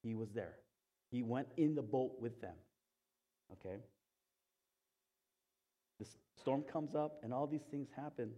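A man preaching a sermon, telling a story with animation and swinging from loud to hushed, in a conversational way. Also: medium pitch, a little slow, long pauses, dull audio. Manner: conversational, asks the congregation "Okay?". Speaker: pastor.

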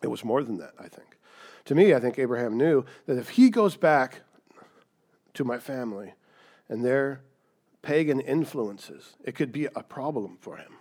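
A man preaching a sermon in a conversational, animated storytelling way, often checking in with "right?". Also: medium pitch, moderate pace. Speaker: pastor.

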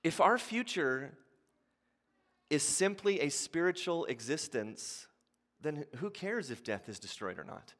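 A man preaching a sermon as a pastor, talking conversationally with frequent asides, then building to impassioned near-shouts. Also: very animated, measured pace. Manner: passionate, rising to near shouts at high points. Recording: long hall reverb.

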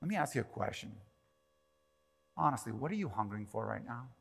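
A man preaching a sermon as pastor, animated, swinging from quiet to loud and acting out quoted prayers. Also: medium pitch, brisk, gravelly, breathy edge. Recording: long reverb of a large hall.

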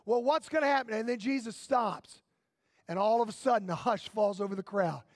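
A male pastor preaching a sermon with animated, playful storytelling. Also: sits high, a little fast, no room sound, clean studio sound.

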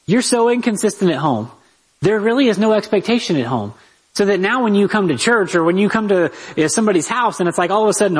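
Male Bible teacher, husky and a bit high-pitched, lively and direct with listeners. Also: quick pace, poor audio. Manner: lively, talks straight to the listeners with rhetorical asides. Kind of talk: conversational Bible lesson.

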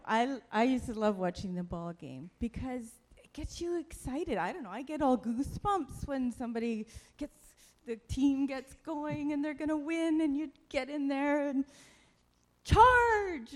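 Lady giving an upbeat church talk, kinda high voice, jokes about herself. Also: moderate pace. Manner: playful, self-mocking, animated. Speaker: church speaker. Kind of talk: lively sermon talk.

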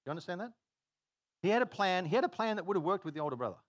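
A man preaching a sermon, telling stories in an animated way and laughing at his own jokes. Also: high-pitched, racing, no echo. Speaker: pastor.

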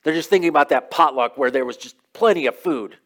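Pastor, male, slightly high voice, relaxed conversational sermon delivery with chatty asides. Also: fast. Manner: conversational, storytelling preaching with casual asides.

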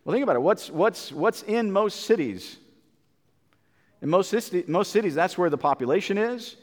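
A man's voice: sits high, animated, normal speed, long reverb tail. A man preaching a Bible sermon in an earnest, repetitive way, with many fillers and restarts.

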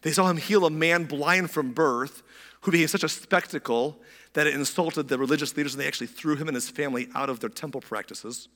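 A man preaching a sermon in a casual, conversational way, a bit hoarse from a recent illness, acting out quoted voices as he goes. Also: a little high, brisk, a bit bright. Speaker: pastor. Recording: long hall reverb.

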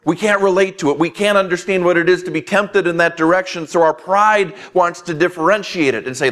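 A man's voice: high voice, brisk, fairly bright tone. A man preaching a sermon as pastor, earnest, with emphatic repetition.

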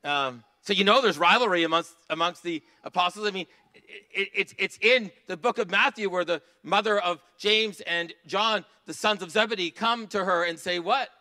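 A man preaching a sermon in a church, earnest, rising to emphatic passages and dropping to soft asides. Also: high-pitched, moderate pace. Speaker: pastor.

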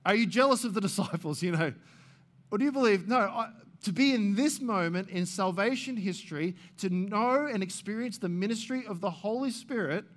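A man's voice: high-pitched, animated, moderate pace. A man preaching a sermon as pastor, earnestly asking his congregation questions and repeating words as he thinks aloud.

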